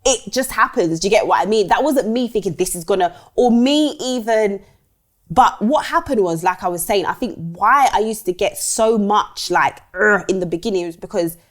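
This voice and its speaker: Woman guest, mid-pitched, blunt and lively, swears freely. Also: normal speed. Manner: outspoken and animated, swearing freely. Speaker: guest, online show host. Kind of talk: casual chat.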